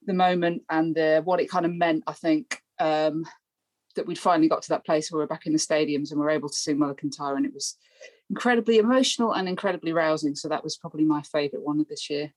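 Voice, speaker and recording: A woman's voice: deep voice, fast, a little mellow, no room sound. A woman speaking as a podcast guest, earnest and reflective. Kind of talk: casual football podcast chat.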